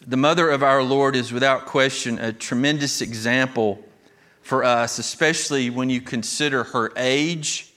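Male pastor, sermon delivery, emphatic and earnest, bright tone. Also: medium pitch, fairly even intonation, moderate pace. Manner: earnest, emphatic preaching with repeated restarts.

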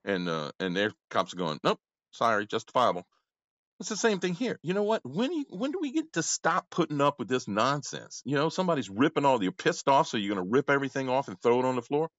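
A man rants through a comedic podcast chat, his pitch leaping up and down as he goes. He talks in a profane, rambling way, loud one moment and mumbling the next. The sound is dry and a little dull. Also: huge pitch swings, quick pace, hardly any pauses, no echo. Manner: rambling, profane, swings between loud outbursts and low mumbling. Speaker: podcast host.

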